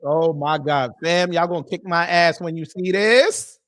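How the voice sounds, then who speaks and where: A man runs a casual commentary stream, reading through a list and joking directly with his audience as he goes. His voice sits a little higher than most men's, with a measured pace and a slightly bright tone.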